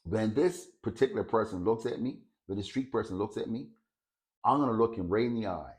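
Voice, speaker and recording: A man's voice: on the low side, a little fast, close to an everyday voice. Cocky, boastful young man itching to show off, voiced by a male storyteller. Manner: boastful, eager.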